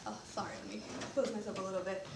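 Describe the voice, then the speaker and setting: A woman's voice: mid-range voice, fairly even intonation, rapid-fire. A woman who directs resident services at a senior community gives a eulogy at a memorial service. She is emotional, laughs through tears and keeps apologizing. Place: church sanctuary. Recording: echoey church from far off, faint hiss.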